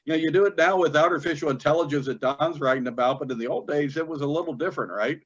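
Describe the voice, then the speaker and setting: A man's voice: fairly high pitch, quick pace, breathy edge, lo-fi sound. A male host with a Kentucky accent chatting in a rambling way over a video call, with lots of fillers and restarts. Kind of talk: casual chat.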